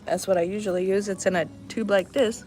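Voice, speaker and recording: A woman's voice: mid-range voice, steady tone, a little fast, warm tone, soft background music. A woman chatting casually to her viewers in a vlog, breaking off to talk to a dog playing fetch outdoors. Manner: chatty, talks to a dog between asides. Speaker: vlogger.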